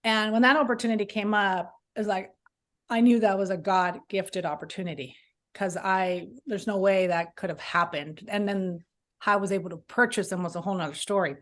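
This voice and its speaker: A woman's voice: medium pitch, steady tone, fairly quick, a bit bright. A middle-aged woman from Southern California, an author telling her personal faith story in an interview, earnest and rambling, with many restarts. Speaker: author guest.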